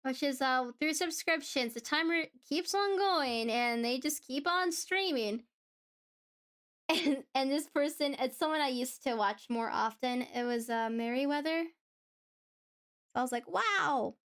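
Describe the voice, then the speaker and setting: A woman with a high voice chats casually on her live stream. She rambles from thought to thought, laughs often, and slips into playful voices to act out her viewers. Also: measured pace, fairly bright tone. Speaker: VTuber streamer.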